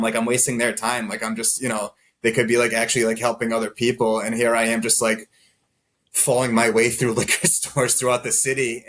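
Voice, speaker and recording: A man's voice: medium pitch, fairly bright tone. A man guest on a podcast, candidly telling his personal story in a rambling way, full of "like" fillers and self-deprecating laughs. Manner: rambling, heavy use of "like" fillers.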